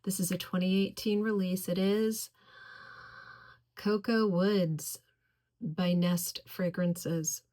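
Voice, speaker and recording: A woman reviewing fragrances in a casual video, gushing over each scent and slowly listing its notes. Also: on the low side, fairly even intonation, dark tone. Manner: effusive, gushing about scents; slow, deliberate listing of notes.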